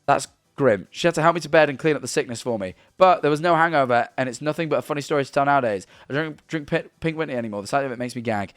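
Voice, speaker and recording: A man's voice: mid-range voice, rapid-fire, hardly any pauses, no room sound, soft background music. A man in his twenties streaming from home, casually chatting and reading viewer messages in a rambling, stumbling way.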